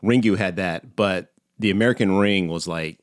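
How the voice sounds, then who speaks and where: A man's voice: low voice, normal speed, no echo, clean studio sound. A man from Texas co-hosting a podcast in casual chat, opinionated and teasing, swearing now and then. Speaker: podcast co-host.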